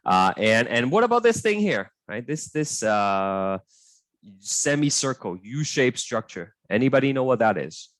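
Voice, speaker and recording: A man's voice: medium pitch, sing-song, unhurried, no room sound. A young man teaching an online biology tutorial in a chatty, hesitant way, full of fillers and "right?" checks with his students.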